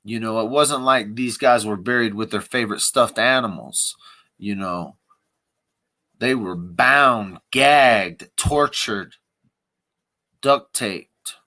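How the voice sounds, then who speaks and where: A man's voice: lowish voice, slow, bright, forceful tone. Male livestream host, rambling and wry, close dry sound with no room echo. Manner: rambling, wry, thinking aloud. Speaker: livestream commentator. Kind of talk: casual live commentary.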